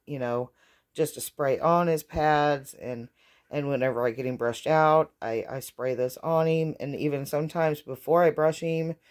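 A woman's voice: a bass voice, a little mellow. A woman chatting casually at home into her phone camera, rambling and hesitant with many fillers and restarts. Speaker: vlogger caring for her dogs. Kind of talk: casual home vlog chat.

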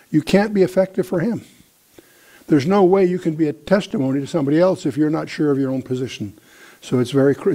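A man teaching a Bible study lecture in a measured, deliberate way, pausing often with "uh". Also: fairly high pitch, warm tone.

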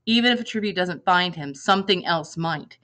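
A woman reading a novel aloud in lively first-person narration, acting out the dialogue. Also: fairly low pitch, fairly quick, low-quality recording. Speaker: reader.

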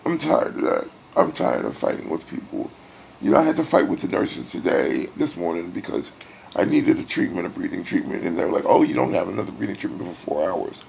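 A middle-aged man in a hospital room, weary and near tears, talking in a personal video diary with sighs and halting pauses. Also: deep voice, very animated, gravelly, a little mellow, a little hiss or hum. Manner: emotional, sighing, halting. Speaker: vlogger.

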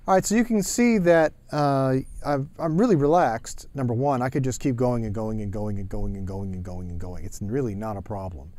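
Male drum instructor, easygoing and explanatory, mid-pitched, talking to camera from his studio. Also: normal speed, hardly any pauses. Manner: relaxed, explanatory, frequent fillers. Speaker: drum teacher.

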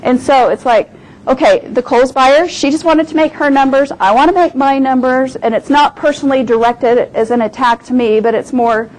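This is a middle-aged woman speaking to a class as a guest speaker, and her voice sits a little high. She tells business stories with lively emphasis and repeats her key points for weight. A faint hum runs underneath. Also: moderate pace, poor audio. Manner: animated storytelling. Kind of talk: lecture with personal stories.

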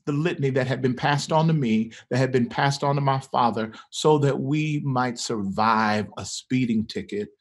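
A middle-aged man, a pastor, telling a personal story in an earnest, animated way. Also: mid-range voice. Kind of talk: conversational storytelling.

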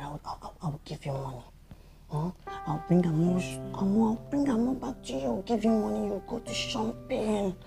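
A love-struck Nigerian husband who stutters and begs his wife in a soft, halting voice. Music plays clearly behind him. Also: high voice. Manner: stammering, pleading, doting. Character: besotted hen-pecked husband, soft and begging. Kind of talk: Nollywood movie acting. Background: background music.

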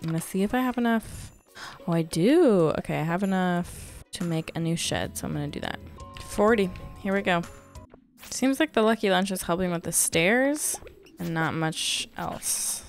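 A young woman hosting a casual let's-play, muttering in exasperation and then bursting into relieved excitement. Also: lowish voice, normal speed, soft background music. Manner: animated, exasperated muttering with sudden joyful outbursts. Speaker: gaming channel host.

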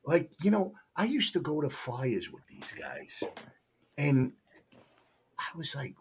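A man's voice: on the high side, takes it slowly, slight background noise. A man, a guest telling firehouse stories in a profane, emphatic way. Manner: profane, animated, emphatic storytelling. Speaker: podcast guest, retired firefighter. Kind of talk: casual storytelling.

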